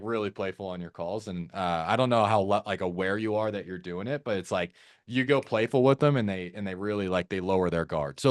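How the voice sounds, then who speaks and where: A man coaching a live audience on sales calls, energetic and acting out both sides of calls in shifting tones. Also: fairly low pitch, no room sound, clean studio sound.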